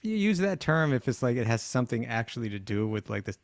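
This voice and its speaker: A man's voice: medium pitch, very animated, quick pace, dry recording, studio quality. A man in casual conversation who teases his co-host and laughs easily. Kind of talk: casual chat.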